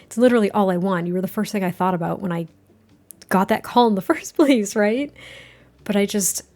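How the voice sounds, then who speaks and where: A woman voicing a nervous, tender young male athlete, speaking softly and hesitantly to his girlfriend. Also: mid-range voice, brisk, lightly acted. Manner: soft, hesitant, earnest.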